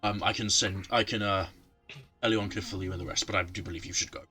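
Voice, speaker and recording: A man's voice: sits low, fairly even intonation, fast, bright, forceful tone, soft background music. Man voicing a stumbling secretive guild leader. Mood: stern. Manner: hesitant, stumbling over words.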